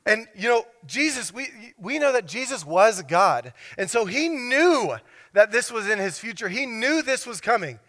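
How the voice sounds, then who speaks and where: A man preaching a sermon as pastor, telling stories with lively, animated delivery and acting out the people in them. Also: sits high, normal speed, big-room sound. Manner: animated storytelling, acts out characters.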